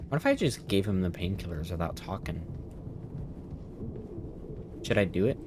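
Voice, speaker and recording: Deep-voiced male streamer, chatty, talks back at the characters of a story game. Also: lively intonation, moderate pace, background noise. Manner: chatty, argues with the characters, reads dialogue aloud. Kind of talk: casual let's-play commentary.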